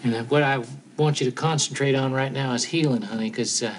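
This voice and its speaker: A man's voice: mid-range voice, brisk, a little hiss or hum, close to an everyday voice. An actor playing a folksy man tenderly coaxing an injured partner in a 1970s TV soap.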